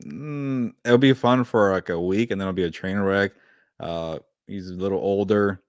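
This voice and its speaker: A man's voice: sits low, moderate pace, dry recording. A man co-hosting a casual sports podcast, laid-back and hesitant, often trailing into "you know.". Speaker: podcast co-host.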